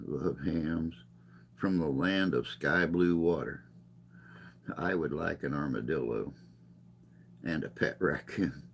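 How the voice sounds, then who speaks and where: A man's voice: extremely low pitch, takes it slowly, vocal fry, pauses often, slight background noise. A man chatting casually on a live stream, rambling and folksy, a little tired and unwell.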